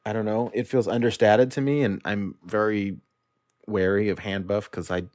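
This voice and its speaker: A man's voice: fairly low pitch, fairly even intonation, normal speed, a little mellow, dry recording, studio quality. A man appearing as a podcast guest, chatting casually in a hesitant way with lots of fillers. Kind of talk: casual chat about a card game.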